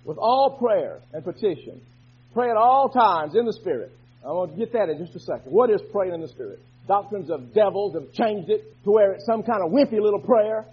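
Fervent high-voiced husky male preacher. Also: expressive, normal speed. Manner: fervent, swings from quiet talk to shouting. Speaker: pastor. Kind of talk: sermon. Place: church. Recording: dull lo-fi recording.

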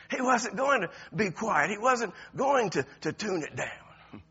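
A man preaching a sermon, moving from quiet, intense passages to loud shouted ones, often laughing as he talks. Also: sits high, expressive, slow pace, slightly rough. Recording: lo-fi, dull sound.

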